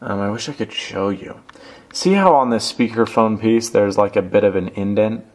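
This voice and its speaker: Young guy rambling about a phone case, lowish voice, loose and self-deprecating. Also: moderate pace, darkish tone. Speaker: tech reviewer. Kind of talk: casual product review vlog.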